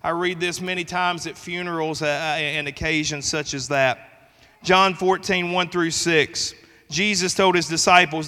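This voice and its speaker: A man with a high, bright voice preaches a sermon to his congregation. He speaks earnestly and rises in force on the words he stresses. The sound rings with the long reverb of a church hall. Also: steady tone, unhurried. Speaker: pastor. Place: church sanctuary.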